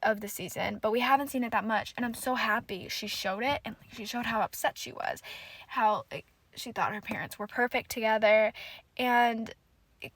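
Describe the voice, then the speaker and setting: A woman's voice: on the high side, normal speed, a bit bright, no room sound. A woman hosting a solo podcast, gushing emotionally and swearing often as she recaps a TV episode. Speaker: podcast host.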